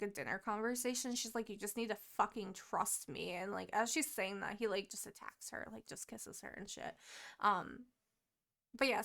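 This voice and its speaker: Young woman, slightly high voice, podcast co-host doing a loose, sweary, giggly book recap. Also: vocal fry. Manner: animated, swearing, laughing, quick quoted asides. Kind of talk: casual book recap chat.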